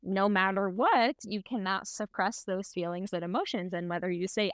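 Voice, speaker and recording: A woman's voice: mid-range voice, normal speed, hardly any pauses, no echo. Earnest young woman podcaster, dry close mic. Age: under forty. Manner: earnest, reflective, laughs at herself. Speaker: podcast co-host. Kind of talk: candid casual chat.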